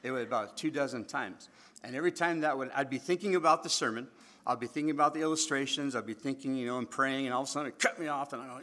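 A male pastor delivers a sermon in church with a bright, forceful voice. He keeps it animated, joking with the congregation and coaxing them to respond. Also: medium pitch, fast talker.

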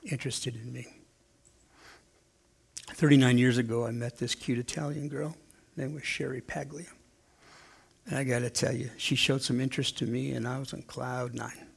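A man in his sixties delivers a sermon with a gravelly, slightly rough voice at an ordinary middle pitch. He talks casually with his congregation and slips into playful voices when he acts out the quotes. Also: steady tone, normal speed, long pauses. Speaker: pastor.

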